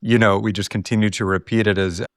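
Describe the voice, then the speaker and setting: A man's voice: lowish voice, level tone, fast talker, no room sound, clean studio sound. A man hosting a podcast, affirming and talking in an easy way, often checking in with "right?". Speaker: podcast host. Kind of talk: conversational interview.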